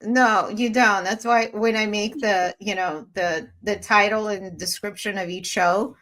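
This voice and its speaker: A middle-aged woman from Eastern Europe co-hosting a podcast in casual chat, an animated storyteller who acts out the people she quotes. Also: medium pitch, measured pace. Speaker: podcast co-host.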